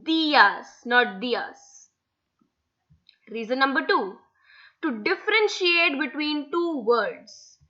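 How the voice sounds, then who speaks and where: Young woman tutor, high bright voice, slow and patient, kinda muffled lo-fi audio. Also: lively intonation. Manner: patient, spells words out letter by letter. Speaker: Spanish language tutor. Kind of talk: slide-based language lesson.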